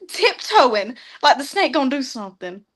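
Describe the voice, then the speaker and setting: High bright woman telling a story. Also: takes it slowly. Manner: laughing, animated storyteller. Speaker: studio guest. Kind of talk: casual storytelling. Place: studio.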